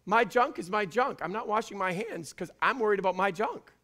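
A man from Canada with a Canadian accent, preaching a fiery sermon in church and often shouting. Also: high voice, expressive, a little fast. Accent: Canadian English. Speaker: pastor. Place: church before a congregation.

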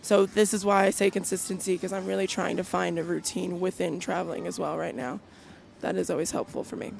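A woman's voice: fairly low pitch, little pitch movement, a little fast, creaky, a little mellow, slight background noise. A young adult woman, a singer, talking casually as a guest in a chatty, rambling way with many fillers. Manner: chatty, full of fillers and restarts. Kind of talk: casual chat.

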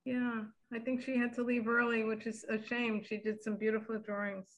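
A woman taking part in a group video call, speaking softly. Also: fairly high pitch, little pitch movement, moderate pace, rough recording. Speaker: group participant. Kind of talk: casual remarks on a video call.

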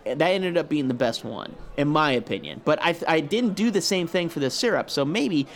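Man, casual chat, profane storyteller, somewhat high voice, very lively intonation. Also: moderate pace. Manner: profane, animated storyteller acting out his own reactions.

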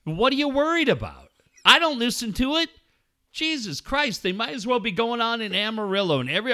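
In a loud, profane sports radio rant, a male host swears and throws blunt, mocking jabs at his listeners. His high voice swings wildly up and down with a bright, cutting edge, very animated and a little fast, captured on what sounds like a studio mic.

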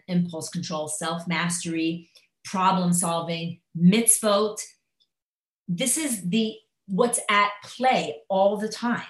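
A woman gives a live lecture to a class in an echoey room. She talks in a lively, loose way, full of fillers, and acts out the inner voices she describes. Her voice sits at a middle pitch. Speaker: teacher. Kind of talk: live lecture on Jewish thought. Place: classroom at a school.

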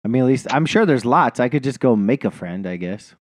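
A man's voice: medium pitch, expressive, a little fast, dry recording, clean studio sound. A man co-hosting a podcast, telling a long, rambling story in casual chat, swearing and laughing often. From New Jersey. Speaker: podcast co-host.

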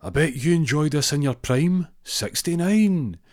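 A man's voice: a little high, expressive, unhurried, darkish tone, pitched above the performer's own voice. A man voicing a cheeky young bingo caller who reels off showy patter.

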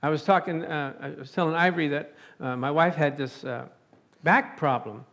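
Male preacher with a high voice, lively delivery, frequent laughs and calls of "amen?". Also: normal speed. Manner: animated, chuckling, calling out "amen?" to the congregation. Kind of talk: sermon.

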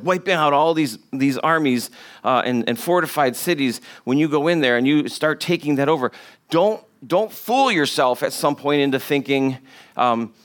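A man's voice: medium pitch, a bit bright. A man preaching a sermon to a congregation. He talks in a conversational way, jokes with the listeners and repeats words for emphasis. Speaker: pastor.

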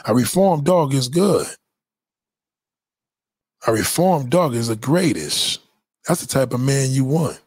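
Man, livestream host, husky, dry close sound, emphatic, profane, preachy. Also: mid-range voice, big pitch swings, unhurried, pauses often, darkish tone, no echo. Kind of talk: casual livestream monologue.

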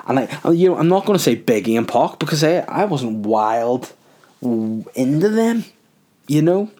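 A man's voice: mid-range voice, big pitch swings, normal speed, dark tone. A man hosting his own podcast, talking in a loose, jokey monologue. He rambles from point to point, peppering his speech with "like" and the odd swear word. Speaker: podcast host and comedy club runner. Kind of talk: casual comedic monologue.

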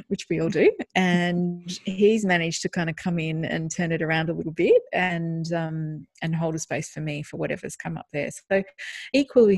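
Woman podcast host, lowish voice, dry close sound, earnest and reflective, laughs a lot. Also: creaky, no echo. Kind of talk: casual podcast chat.

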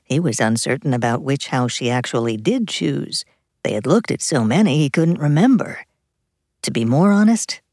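A woman narrating a novel as an audiobook, in expressive, measured storytelling. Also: very deep voice, no echo, clean studio sound. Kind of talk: scripted narration.

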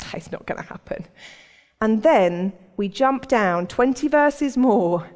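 Her voice is mid-range with a darkish tone as this woman preacher delivers a conversational, story-driven sermon, voicing the people in her tales. A long reverb from the hall trails her words.

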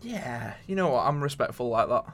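A man's voice: medium pitch, lively intonation, fairly quick. A man with a Yorkshire accent co-hosting a podcast, chatting casually, joking and laughing often. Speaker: podcast co-host. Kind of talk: casual chat.

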